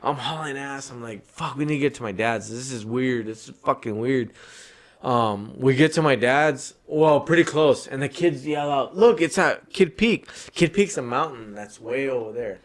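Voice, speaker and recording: A man's voice: mid-range voice, normal speed. Rambling, profane male podcast host. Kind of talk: casual storytelling chat.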